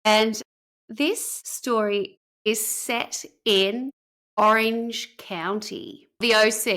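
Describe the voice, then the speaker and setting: A woman telling a story on a podcast in a chatty, rambling way with plenty of fillers. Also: medium pitch. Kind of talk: conversational storytelling.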